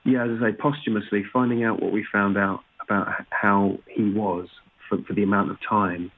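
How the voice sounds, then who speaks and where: Husky man on a tinny remote line. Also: on the low side, fairly even intonation, brisk. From Britain. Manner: frequent restarts and "you know" fillers. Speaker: actor guest. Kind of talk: casual interview chat.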